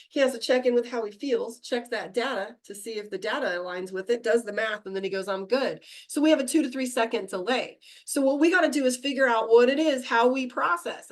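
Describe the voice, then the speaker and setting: A middle-aged woman teaching a meditation class, talking fast and chatty and laughing at herself. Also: a little high.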